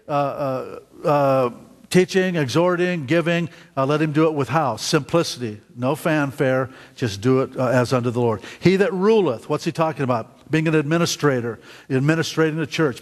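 A middle-aged man preaching a sermon as pastor, halting and repeating words, often asking the congregation questions. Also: a little high, big-room sound. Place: church sanctuary.

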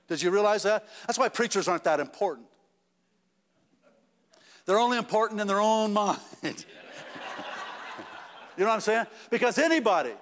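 A man's voice: high-pitched, a bit bright, long reverb tail. A man preaching a sermon in a church, talking conversationally with restarts and rising to emphatic peaks. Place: church sanctuary.

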